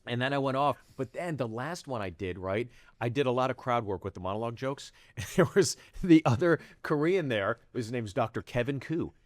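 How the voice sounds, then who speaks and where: A man's voice: medium pitch, animated, no room sound, clean studio sound. A middle-aged man from the Pittsburgh area, a stand-up comedian telling stories in casual chat, jumping into voices and swearing freely. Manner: quick, profane storytelling that jumps into quoted voices. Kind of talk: animated storytelling in casual chat.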